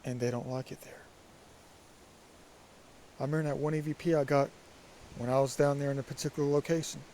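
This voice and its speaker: A man with a raspy, allergy-stuffed voice, musing and rambling in a casual vlog by a creek. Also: medium pitch, fairly even intonation, a little fast, mellow, slight background noise. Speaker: vlogger. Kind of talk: casual walking vlog monologue. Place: outdoors by a creek.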